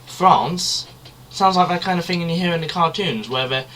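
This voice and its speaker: Quick and fairly high-pitched, this young man from Britain chats loosely as a podcast co-host, wandering off topic and cursing casually. There's a bit of brightness to his voice and some faint hiss or hum in the recording.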